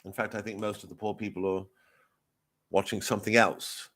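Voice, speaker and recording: A man riffing as a pompous royal correspondent in a rambling, deadpan, improvised satirical live commentary. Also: fairly low pitch, a little fast. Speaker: comedian in character as a royal correspondent.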